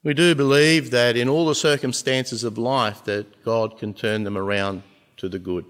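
Male pastor, mid-pitched, earnest sermon with weighty pauses and rising emphasis; long hall reverb. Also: steady tone, a bit bright.

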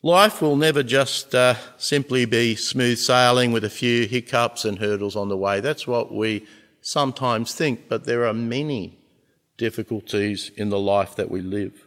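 Male pastor, mid-pitched, earnest sermon with weighty pauses and rising emphasis; long hall reverb. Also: fairly bright tone.

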